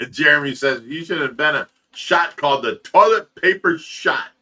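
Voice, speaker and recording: A man's voice: fairly high pitch, expressive, a little slow, bright, forceful tone. A middle-aged man hosting a casual livestream, laughing often and reading viewer comments aloud. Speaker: livestream host reading chat. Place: fish room at home.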